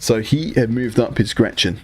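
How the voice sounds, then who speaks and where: A man's voice: mid-range voice, normal speed, breathy edge, soft background music. A young British man with a British accent, chatting casually to his live-stream audience and joking with the chat. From Britain. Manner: chatty, banters with chat, swears. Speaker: hobby streamer.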